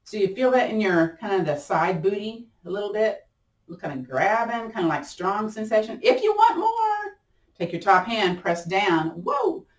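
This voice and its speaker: A woman's voice: mid-range voice, normal speed, recorded from a distance. Playful woman leading chair yoga. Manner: chatty, playful, encouraging, laughs often. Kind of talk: guided exercise class. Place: room at home. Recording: roomy sound from off-mic.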